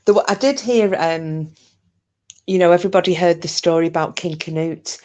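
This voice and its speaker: A woman from Scotland hosts a laid-back live chat for viewers, joking, rambling, and restarting with frequent fillers. Her lowish voice is a little mellow and moves at normal speed.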